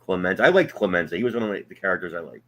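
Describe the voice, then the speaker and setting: A man's voice: deep voice, animated, racing, a bit bright, lo-fi sound, a little hiss or hum. A man with a New Jersey accent, a former wrestling promoter co-hosting a casual chat show, rambling through stories with lots of fillers. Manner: rambling storyteller, frequent fillers. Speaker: wrestling promoter and podcast co-host.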